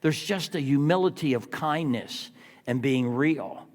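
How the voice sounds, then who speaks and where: Lively older pastor in a reverberant church. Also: male voice, medium pitch, moderate pace. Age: 60s. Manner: animated storytelling with rhetorical questions to the congregation. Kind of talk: sermon. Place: church sanctuary. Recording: long reverb of a church hall.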